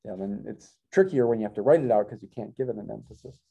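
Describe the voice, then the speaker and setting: A man's voice: lowish voice, fast talker, gravelly, warm tone, breathy edge, muffled recording. A middle-aged man teaching a college math class, thinking aloud with wry asides and self-corrections. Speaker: math professor. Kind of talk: classroom lecture.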